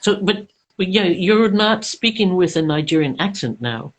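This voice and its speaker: A woman's voice: fairly low pitch, expressive, moderate pace, rough recording. A woman hosting an online live chat, prompting her guest with curious questions over a video call. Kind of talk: interview hosting.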